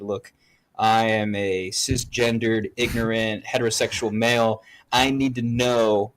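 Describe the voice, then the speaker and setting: Profane, animated young man telling a story. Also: mid-range voice, slight background noise. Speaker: podcast co-host. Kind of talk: casual storytelling chat.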